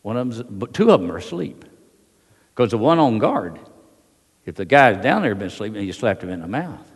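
An older man with a drawl tells a wartime story to a hall audience in a very deep voice. He talks in a folksy, halting way, with plenty of uh's. His voice rings with the long echo of a big room. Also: sing-song, breathy edge. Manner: folksy, halting, with many fillers. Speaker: veteran speaker. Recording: long reverb of a large hall.

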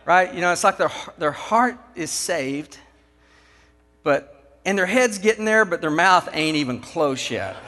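A man's voice: fairly high pitch, very animated, unhurried, bright, forceful tone. A man preaching a sermon, telling a folksy work story with casual, down-to-earth phrasing. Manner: folksy storytelling with acted quotes. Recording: long hall reverb.

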